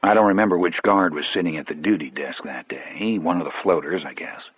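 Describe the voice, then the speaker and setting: A man narrating an audiobook in a measured, grave first-person storytelling style. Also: low-pitched, slightly rough, no room sound, lo-fi sound.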